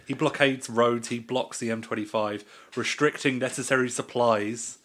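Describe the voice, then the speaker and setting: A man's voice: mid-range voice, fairly even intonation, moderate pace, fairly bright tone. A man co-hosting a podcast in casual chat, dry and wry, making his jokes by repeating himself. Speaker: podcast co-host.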